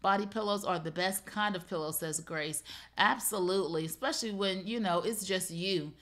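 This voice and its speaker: A middle-aged woman hosting a live shopping show, pitching deals in a playful, chatty way and talking straight to her viewers. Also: normal speed, a bit bright.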